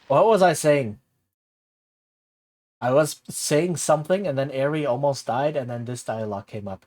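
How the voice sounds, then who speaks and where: A man's voice: medium pitch, darkish tone. A young man streaming a game, rambling casually and laughing at his own forgetfulness. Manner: rambling, self-deprecating, laughs easily. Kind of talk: casual gameplay commentary.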